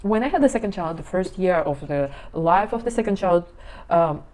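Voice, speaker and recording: Mellow-voiced woman explaining language stages. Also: fairly low pitch, lively intonation, normal speed. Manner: explains with examples, non-native English phrasing. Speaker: parenting language educator. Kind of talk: casual informational talk.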